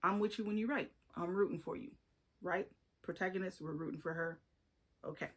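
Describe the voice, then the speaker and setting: A woman with a fairly low voice talks through her favorite books in a loose, conversational way. She leans on emphasis and drops opinionated asides as she goes. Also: fairly quick, a bit bright. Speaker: book reviewer. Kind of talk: casual book review monologue.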